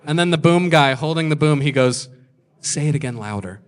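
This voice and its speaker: A young man tells stand-up stories about himself from a comedy club stage. He mocks himself and jumps into other people's lines with quick put-on voices. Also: a little high, expressive, smooth. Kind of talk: stand-up storytelling.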